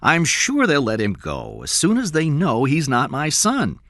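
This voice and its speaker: A wealthy father speaks sharply and briskly, as a male storyteller plays him. The voice is bright and forceful, ranging widely, in a dry close recording. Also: fairly high pitch, huge pitch swings, dry recording, voice pushed up, exaggerated voice. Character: wealthy, sharp-tongued middle-aged father.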